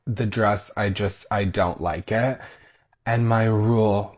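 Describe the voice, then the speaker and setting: A man's voice: on the low side, darkish tone. A man giving blunt, opinionated commentary on red carpet outfits. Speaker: fashion commentator. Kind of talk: casual commentary.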